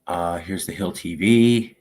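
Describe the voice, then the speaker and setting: Low-voiced man reading comments aloud. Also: a little mellow. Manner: reads viewer comments aloud in quick succession. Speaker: political commentator.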